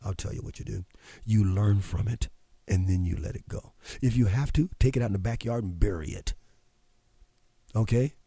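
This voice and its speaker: A man's voice: on the low side, moderate pace, mellow, breathy edge, dry recording. A man hosting a show, giving a motivational talk in an emphatic, preachy way and repeating phrases for effect. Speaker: radio show host.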